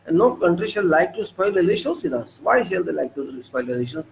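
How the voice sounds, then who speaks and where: A man's voice: high voice, very animated, a little fast, creaky, slight background noise, rough recording. A man with an Indian English accent delivering an indignant political monologue, firing off rhetorical questions and repeating himself for emphasis. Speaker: political commentator. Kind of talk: monologue commentary.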